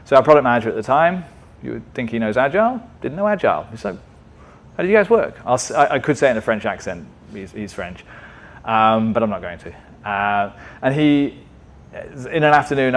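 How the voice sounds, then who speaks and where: Male conference speaker, conversational presenter, often checks in with the audience, medium pitch. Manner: conversational, asks frequent "right?" checks. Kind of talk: tech meetup presentation.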